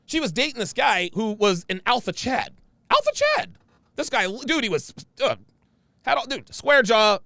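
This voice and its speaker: A man's voice: sits high, vocal fry, bright, forceful tone, no room sound. A man hosting a casual livestream, reading viewer comments aloud and reacting in a blunt, slangy way, often saying the same phrase twice.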